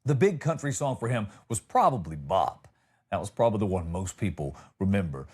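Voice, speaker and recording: A man's voice: on the low side, big pitch swings, fairly quick, a little mellow, husky. An American man hosting a comedy podcast, telling stories in a loose, rambling way with jokey asides. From United States.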